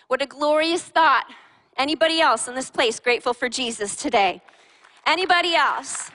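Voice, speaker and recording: A woman preacher with a high voice leads a lively sermon, throwing questions at her congregation and joking with them. Her tone is bright and sharp. A long reverb from the large hall trails behind every word. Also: normal speed. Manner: animated, fires questions at the congregation and teases them. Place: large church hall with a live and online congregation.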